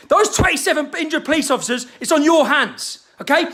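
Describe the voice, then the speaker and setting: Angry man in his thirties, pitched very high, tense and cutting, ranting to camera with constant swearing. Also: animated, moderate pace. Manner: furious, shouting, heavy swearing.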